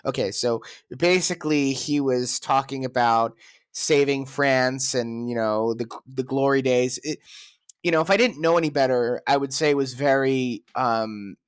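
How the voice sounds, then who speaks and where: A man's voice: mid-range voice, measured pace, smooth, no echo. Opinionated male podcast host, dry sound. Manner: opinionated, argumentative. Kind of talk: casual chat.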